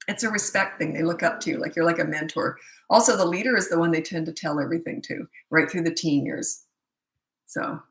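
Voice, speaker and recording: This is a middle-aged woman in a low-pitched voice, answering parents' questions in an easy, conversational way. She tells little anecdotes and slips into quick impressions of the people in them. The sound is roomy and echoey. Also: creaky, fairly bright tone. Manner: chatty storyteller who acts out quoted remarks. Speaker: parenting coach and show host. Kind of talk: casual live Q&A chat. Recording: roomy echo.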